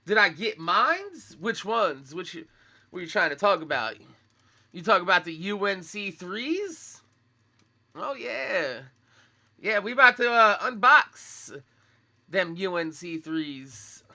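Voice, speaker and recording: A young man, talking laid-back and profane in sneaker-head slang. His voice is high for a man and very bright and sharp, with a groggy morning roughness. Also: very animated, slow pace. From Philadelphia, USA. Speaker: sneaker vlogger. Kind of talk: casual chat to live viewers.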